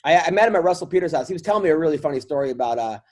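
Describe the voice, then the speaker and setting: A man's voice: fairly high pitch, lively intonation, very fast, a little mellow. A man, a guest comedian, chatting casually on a podcast and telling rambling stories full of fillers. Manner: rambling storyteller, filler-heavy.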